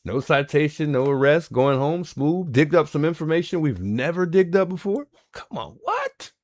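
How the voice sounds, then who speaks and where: A man's voice: fairly high pitch, moderate pace, a little mellow. A man hosting a livestream, reacting in casual commentary and repeating himself in disbelief. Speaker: livestream host.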